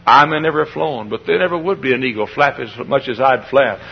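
A man preaching a sermon as pastor, moving from quiet storytelling to shouted, high-pitched climaxes. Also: animated, fast, vocal fry, husky. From Texas. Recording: dull, muffled lo-fi sermon recording.

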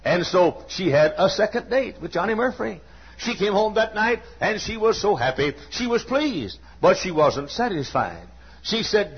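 Husky high-voiced preacher, muffled recording. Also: male voice, very animated, moderate pace. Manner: folksy storytelling with sudden shouts. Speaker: pastor. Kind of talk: sermon. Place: church sanctuary.

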